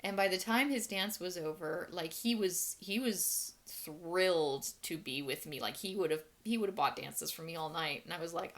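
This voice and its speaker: A woman's voice: lowish voice, moderate pace, few pauses, fairly bright tone. A woman casually telling stories from her past work in a frank, wry, matter-of-fact way, chatty and full of restarts. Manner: chatty with many fillers and restarts. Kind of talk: casual monologue storytelling.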